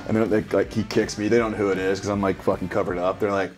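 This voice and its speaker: Low-voiced vet dude in his 30s cussing through stories, chill chat, bit of music in the back. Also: little pitch movement, quick pace. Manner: profane, swears constantly, loose storytelling. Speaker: special operations veteran reacting to a game. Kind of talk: casual reaction chat, storytelling.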